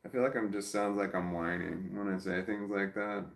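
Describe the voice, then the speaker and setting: Speaking at a moderate pace in a lowish, steady voice, a man records a casual personal vlog, rambling self-reflectively and often trailing off before starting over. He slips into soft baby-talk for his dog, and the recording sounds roomy and echoey.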